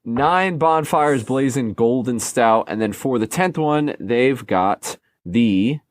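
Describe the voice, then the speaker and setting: A man's voice: medium pitch, animated, takes it slowly, dry recording. A man co-hosting a podcast, playful and self-mocking, tripping over names as he reads. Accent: American. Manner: playful, laughs at himself, stumbles over names. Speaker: podcast co-host. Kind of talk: casual chat.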